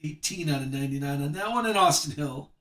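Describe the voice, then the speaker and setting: A man's voice: on the high side, lively intonation, fairly bright tone, reverberant, far from the mic. Chatty man hosting a card break. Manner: chatty, reads card names off quickly. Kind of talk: live card break commentary.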